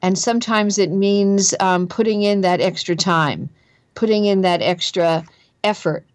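A woman's voice: mid-range voice, a little slow, no room sound. Earnest woman with a Jersey accent. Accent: New Jersey. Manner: earnest, emphatic, repeats phrases for stress. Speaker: guest author on careers. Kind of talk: conversational interview.

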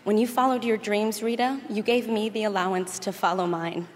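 Young woman, earnest tribute reader, mid-pitched voice, long hall reverb. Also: steady tone, moderate pace. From Chicago, USA. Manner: earnest, emotional, tender. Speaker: speaker giving a tribute. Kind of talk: reading a heartfelt tribute letter. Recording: reverberant hall with faint noise.

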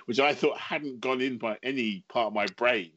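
A man's voice: mid-range voice, moderate pace, fairly bright tone, dull audio. A middle-aged English man, a writer and guest on a podcast, talking in a casual, self-mocking way and laughing often. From England.

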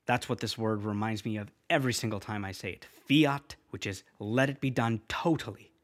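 A man teaching a prayer line by line, repeating each phrase slowly and patiently for the listener to say back. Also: on the low side. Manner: patient, repeats and drills words aloud; slows to spell out the words.

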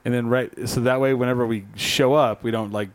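A man telling a story in casual chat, animated and swearing freely. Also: mid-range voice, a little fast.

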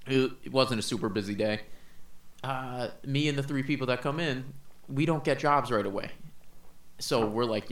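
A man's voice: normal speed, fairly bright tone. Young male podcast co-host, laid-back storyteller, profane, roomy sound. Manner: laid-back, swearing, low-key storytelling. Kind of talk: casual storytelling chat.

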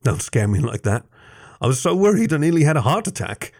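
A man's voice: lowish voice, animated, a little fast, a little mellow. A man reading aloud, voicing a strong young male cat who is protective and worried, speaking with urgency.

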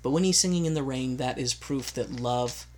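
A man from Utah hosting a loose podcast conversation. He is a self-declared goofball who jokes around at a medium pitch. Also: normal speed, a little hiss or hum. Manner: goofy, jokey, drops into silly voices. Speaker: podcast host. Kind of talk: casual chat.

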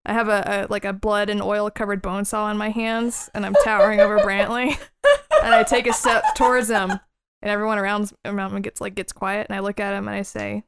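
A woman's voice: mid-range voice, little pitch movement, a little fast, gravelly, slight background noise. A woman taking part in a tabletop role-playing game as a player, talking eagerly and chattily, with many fillers.

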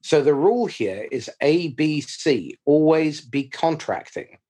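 A man's voice: fairly high pitch, expressive, unhurried, dark tone, breathy edge. A man hosting a podcast, summing up a guest's point with emphatic, blunt sales advice. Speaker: podcast host. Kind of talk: podcast conversation.

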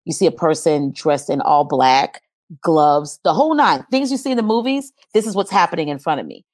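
A woman with a low-pitched voice recounts a personal experience in an earnest, storytelling way. The sound is dry and close, with no room around it. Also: lively intonation, fairly quick, a little mellow, no echo. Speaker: guest. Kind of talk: personal testimony in an interview.

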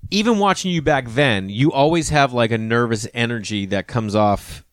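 Comedian guy hosting a podcast, rambly and relaxed, dry close sound. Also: mid-range voice, moderate pace, dry recording. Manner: relaxed, rambling, acts out quoted people. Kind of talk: casual conversation.

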